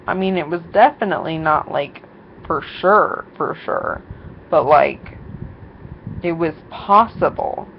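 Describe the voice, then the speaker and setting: A young woman rambles through a story to her camera, full of "um" and "like", acting out what everyone said. Her voice sits at a middle pitch and comes slowly. The recording is dull and lo-fi with a faint hiss behind it. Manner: rambling, many fillers and quoted voices. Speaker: vlogger. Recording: dull lo-fi sound with faint noise.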